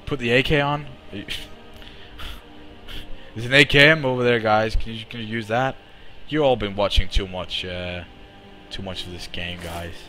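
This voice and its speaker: A young man streaming a game live, swearing and reacting excitedly while chatting to his viewers. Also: on the low side, measured pace, soft background music. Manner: excitable, swears a lot, talks to chat. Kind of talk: live gameplay commentary.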